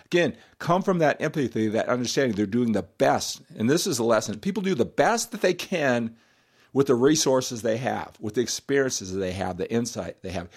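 A man hosting a podcast, talking straight to the listener in an animated, emphatic monologue full of "right?" and "you know". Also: mid-range voice, moderate pace, breathy edge. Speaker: podcast host and coach.

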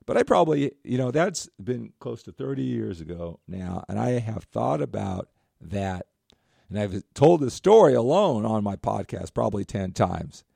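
A man's voice: lowish voice, sing-song, normal speed, vocal fry, mellow, slightly rough, dry recording. A man in his fifties, a podcast host and coach, telling a story in a rambling, self-correcting way and often asking "right?". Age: 50s. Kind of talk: casual storytelling monologue.

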